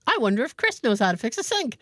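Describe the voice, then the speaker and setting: A woman's voice: a little high, fast, dry recording. A woman co-hosting a podcast, telling a story in casual chat and acting out what people said. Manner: animated storyteller acting out quoted dialogue. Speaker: podcast co-host.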